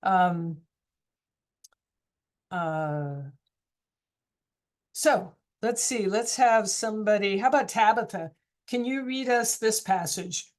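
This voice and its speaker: A woman's voice: medium pitch, takes it slowly, long pauses. A woman teacher running a casual online class discussion, chatty and encouraging, asking students question after question.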